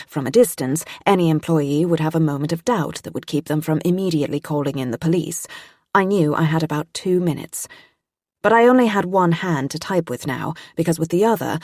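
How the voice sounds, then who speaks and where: A woman reading a mystery audiobook in a tense, steady first-person narration. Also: deep voice, no room sound, clean studio sound.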